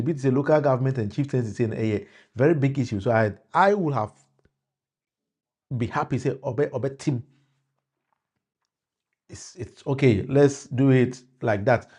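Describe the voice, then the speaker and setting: A man's voice: mid-range voice, moderate pace, darkish tone. A man with a Ghanaian accent giving political commentary to a live-stream audience, switching between Twi and English, restarting phrases and calling out viewers by name.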